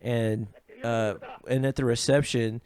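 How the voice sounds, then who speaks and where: A young man on a podcast telling a rambling comic story full of fillers, often trailing off quietly. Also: medium pitch, flat delivery, measured pace. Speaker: podcast co-host. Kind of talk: casual comedic storytelling.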